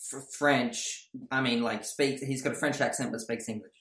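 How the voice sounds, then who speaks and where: A man's voice: mid-range voice, fairly even intonation, moderate pace, a bit bright. A man with a mid-range voice who chats in a teasing, jokey way as a podcast guest. His voice carries a roomy echo.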